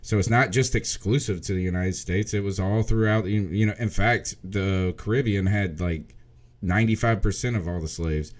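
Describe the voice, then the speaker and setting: A man co-hosting a podcast and teaching history, talking in a rambling, animated way and swearing freely. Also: on the low side, moderate pace. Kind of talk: casual podcast chat.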